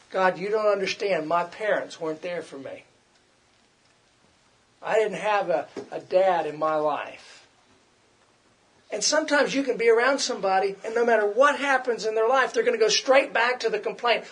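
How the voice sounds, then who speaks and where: A middle-aged man preaching a conversational sermon, repeating himself and acting out quoted complaints. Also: sits high.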